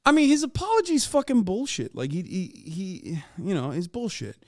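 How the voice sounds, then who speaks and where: A man's voice: high voice, huge pitch swings, moderate pace, a little mellow, no echo. A man streaming, reacting to a video with profane, sarcastic, heated commentary from home on a close desk mic.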